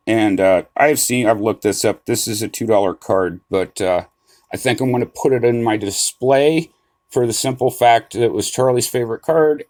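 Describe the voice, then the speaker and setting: This middle-aged man, whose voice sits in the mid range, relates a story on his card-collecting vlog. His delivery is loose and animated, with restarts, cursing, and frequent "right?"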